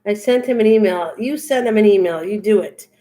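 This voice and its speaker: An older woman running a crafting livestream talks fairly quickly in a warm, mid-range voice. She keeps the chat with live viewers casual, reading out their comments and replying to each.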